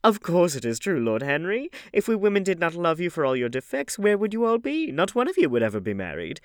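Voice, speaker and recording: A man reading an audiobook, voicing an elderly aristocratic hostess in a high, emphatic falsetto. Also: huge pitch swings, fairly quick, clean tone, no room sound. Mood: scandalized gossip. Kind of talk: audiobook character voice.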